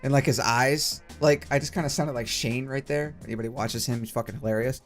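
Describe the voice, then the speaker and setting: A man's voice: medium pitch, steady tone, brisk, faint music behind. A young man hosting a casual let's play, ranting with heavy swearing. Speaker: gaming channel host.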